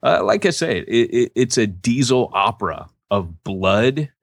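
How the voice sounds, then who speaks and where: A man co-hosting a podcast in casual banter, joking and animated. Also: medium pitch, unhurried, creaky, dry recording, clean studio sound. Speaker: podcast co-host.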